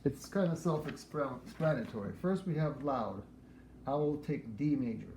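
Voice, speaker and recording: A man teaching piano, explaining practice methods for scales in a relaxed way while he demonstrates. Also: mid-range voice, a little slow. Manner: relaxed, explains while playing and counting aloud. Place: room with a piano. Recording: echoey room with piano playing.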